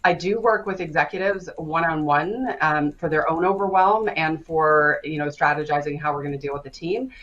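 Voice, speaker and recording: A woman coach tells her stories briskly, jumping into other people's voices as she quotes them. Her voice sits a little low. It comes through a muffled video-call line. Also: a little hiss or hum. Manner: lively, acts out dialogue in quoted voices. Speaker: stress coach and guest speaker. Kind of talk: animated storytelling in an online session.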